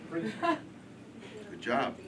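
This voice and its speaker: Performing live in a comedy club, a male stand-up with a New York accent brashly teases people in the crowd and riffs off them. He speaks with a fairly high voice, huge swings in pitch and drawn-out words. Heavy background noise comes from the loud audience and the far-off mic.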